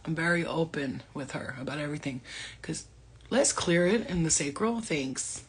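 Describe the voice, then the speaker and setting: Husky-voiced woman, laughing and swearing. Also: deep voice, animated, normal speed. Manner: laughs often, swears, talks animatedly. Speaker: spiritual medium. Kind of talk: casual livestream talk.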